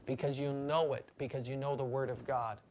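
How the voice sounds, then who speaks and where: A man preaching a sermon as pastor, building repetitive lines and slowing down for emphasis. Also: medium pitch, flat delivery, darkish tone, slight background noise.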